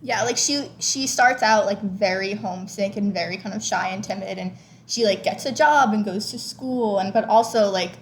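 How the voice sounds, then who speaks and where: A woman co-hosting a movie podcast in casual chat, gushing and chatty with many fillers, breaking into excited squeals. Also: normal speed, slight background noise. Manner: bursts of excited high squeals.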